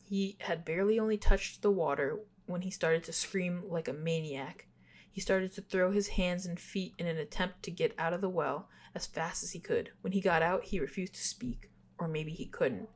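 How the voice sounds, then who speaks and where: A young woman co-hosting a podcast, reading spooky stories aloud and stopping to chat, giggly and quick to apologize for her stumbles. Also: lowish voice. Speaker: podcast co-host.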